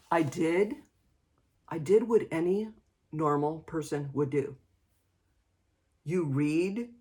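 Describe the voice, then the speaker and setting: A woman hosting a knitting show, chatting casually and telling an animated story full of fillers and restarts. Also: on the low side. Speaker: knitting podcast host. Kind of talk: casual chat.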